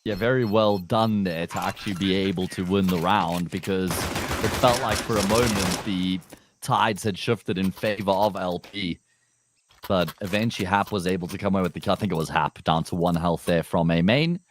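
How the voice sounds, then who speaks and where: A man casting a live esports match, analytical and jokey, with sudden upward jumps in pitch when the play gets exciting. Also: moderate pace. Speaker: esports commentator. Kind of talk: live game commentary. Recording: faint background noise.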